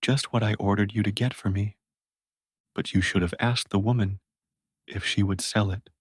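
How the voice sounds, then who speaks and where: A man reading a storybook and voicing a calm, commanding knight. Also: on the low side, moderate pace, slightly rough, dry recording, studio quality.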